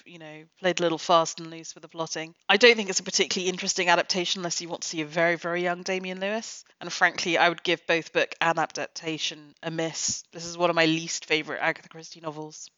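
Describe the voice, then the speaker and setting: Podcast host lady, lowish voice, wry and critical, kinda dull muffled audio. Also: sharp tone, dry recording. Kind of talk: book review podcast.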